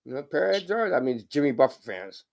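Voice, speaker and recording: Rambling stoned man, lively pitch. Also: fast talker, creaky. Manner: rambling, swearing, laid-back. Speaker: live streamer. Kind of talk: casual chat.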